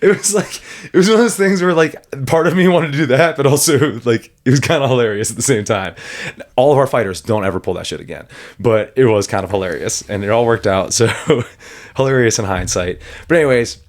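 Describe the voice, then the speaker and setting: A man who coaches fighters, co-hosting a podcast and telling a story with animated energy and frequent laughter. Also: medium pitch, brisk. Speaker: MMA coach and podcast co-host. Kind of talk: casual podcast chat.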